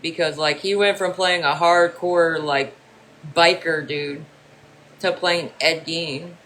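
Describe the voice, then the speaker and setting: A livestreamer talks with viewers in an easy, rambling way, dropping curse words without a second thought. The voice is bright and forward, with a little faint hiss behind it. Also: mid-range voice, steady tone, slow pace. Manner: loose, profane, rambling. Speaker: livestream host. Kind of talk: casual chat with viewers.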